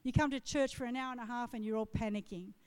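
High-voiced woman preaching in a reverberant hall. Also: fairly even intonation, quick pace, smooth. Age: middle-aged. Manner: impassioned, swelling loud on declarations. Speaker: pastor. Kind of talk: sermon. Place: church auditorium.

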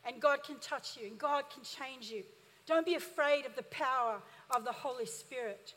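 A woman's voice: high voice, moderate pace, fairly bright tone. A woman pastor preaching an emphatic sermon, calling on the congregation to answer back. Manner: emphatic, call-and-response preaching. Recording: reverberant church hall.

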